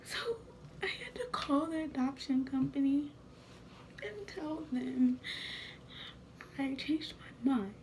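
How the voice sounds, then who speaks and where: Young woman, 19, vlogger; high-pitched, unhurried, soft and whispery, faint background noise. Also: expressive. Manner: soft, tearful, often breathy and whispery. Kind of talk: emotional personal vlog.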